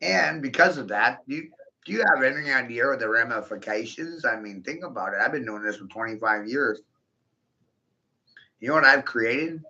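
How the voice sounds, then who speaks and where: A man in a profane, aggressive monologue, repeating himself and bursting into shouts. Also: mid-range voice, moderate pace, creaky. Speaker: monologuing video host. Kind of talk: ranting monologue to camera. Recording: dull lo-fi recording.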